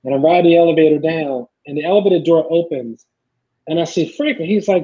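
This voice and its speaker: A middle-aged man telling stories in a casual chat, acting out the people he quotes in lively voices. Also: a little high, fast talker. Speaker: podcast guest, filmmaker. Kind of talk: casual storytelling. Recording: dull lo-fi sound.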